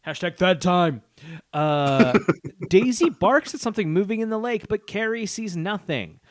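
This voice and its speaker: A man's voice: sits high, animated, unhurried, no room sound, clean studio sound. A man co-hosting a podcast in casual chat, laughing often as he reads a plot summary aloud and adds asides. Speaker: podcast co-host. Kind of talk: casual movie-recap chat.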